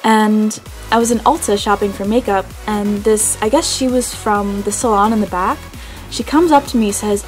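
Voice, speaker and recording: A woman's voice: mid-range voice, steady tone, moderate pace, faint music behind. A woman in her twenties from New Jersey, chatting casually through a product review and laughing often. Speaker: beauty vlogger.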